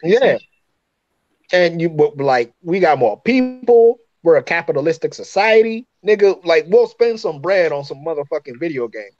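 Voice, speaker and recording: In casual podcast chat, an African co-host speaks bluntly and profanely, sharing strong opinions. His voice is a little high, sing-song and a little mellow at a normal speed, recorded muffled with faint noise.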